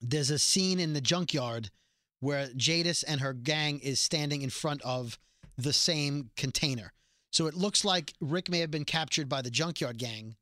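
A man's voice: fairly high pitch, a little slow, sharp tone, no room sound, clean studio sound. A man co-hosting a podcast in casual chat, rambling with frequent restarts. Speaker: podcast co-host.

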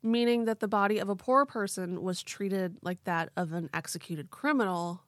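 A woman's voice: medium pitch, normal speed, dry recording, studio quality. A young woman co-hosting a true-crime podcast, telling the story in a casual way with lots of "like". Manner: casual, leans on "like" and "quote unquote". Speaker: podcast co-host.

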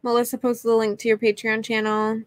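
A woman's voice: on the high side, monotone, fairly quick, no room sound. A woman co-hosting a live show, reading out viewer questions and adding dry quips. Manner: reads questions aloud, laughs along, dry quips. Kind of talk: casual live Q&A.

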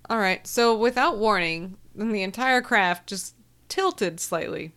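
A woman's voice: medium pitch, a little slow, fairly bright tone. A woman reading a story aloud in casual chat, dry and blunt, with offhand swearing. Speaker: podcast co-host.

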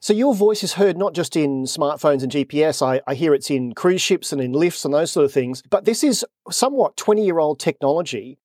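A man hosting an interview, asking measured, steady questions. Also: a little high, no echo, clean studio sound. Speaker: host.

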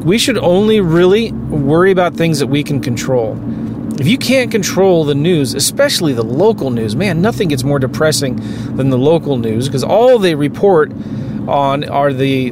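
A man's voice: on the high side, background noise. A man giving a rambling, emphatic motivational talk to his viewers, with vehicle sound behind him. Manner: rambling, self-interrupting, emphatic. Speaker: real estate investing vlogger. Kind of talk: casual motivational talk to camera.

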